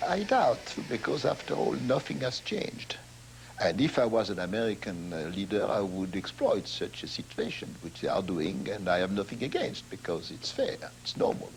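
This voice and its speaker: A man's voice: fairly low pitch, sing-song, normal speed, gravelly, slight background noise. A man giving an interview answer, hesitant and full of fillers.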